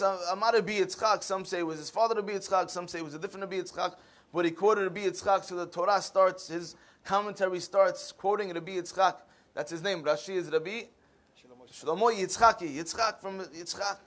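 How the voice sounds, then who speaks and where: A man's voice: high-pitched, fairly bright tone. A man giving a sermon as a rabbi in a synagogue, telling a story and acting out the dialogue.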